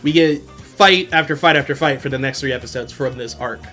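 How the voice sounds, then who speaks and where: A man's voice: medium pitch, a little fast, bright, forceful tone, soft background music. A man hosting a casual solo podcast, recapping an anime in a slangy way and laughing often as he retells scenes. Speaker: podcast host.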